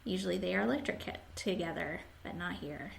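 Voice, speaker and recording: A woman's voice: on the low side, fairly quick, creaky, a little hiss or hum. A woman hosting a podcast, casually chatting and reading listener comments aloud with frequent laughs. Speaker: podcast host.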